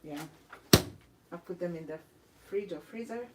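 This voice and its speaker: A woman's voice: lowish voice, heavy background noise. A woman hosting a cooking livestream, chatting casually with viewers, laughing often and trying out French phrases. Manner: unhurried, with many fillers. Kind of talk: casual live chat with viewers.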